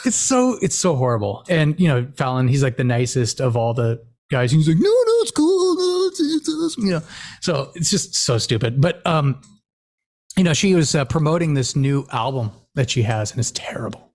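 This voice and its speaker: A middle-aged man hosting a casual podcast, telling stories in a loose, laughing way with plenty of "like" and "you know". His pitch swings widely as he gets worked up, and he often breaks into laughter. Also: normal speed. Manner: animated storyteller, laughs often, many fillers. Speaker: podcast host. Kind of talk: casual chat.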